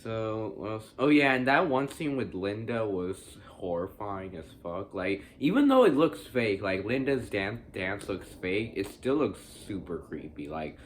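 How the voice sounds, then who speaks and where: A young man talks through a movie review in a loose, unscripted way. His voice sits a little low, and he keeps circling back with fillers, restarts and casual swearing. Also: big pitch swings, unhurried, hardly any pauses, a little hiss or hum. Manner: rambling, many fillers and restarts, swears freely. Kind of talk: casual spoken film review.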